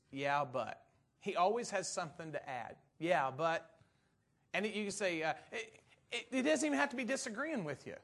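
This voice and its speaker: A pastor preaching a sermon to his church, talking in a relaxed, folksy way with asides and stories, then pressing his points firmly. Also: a little high. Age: adult parent. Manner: folksy and conversational, turning emphatic on doctrine.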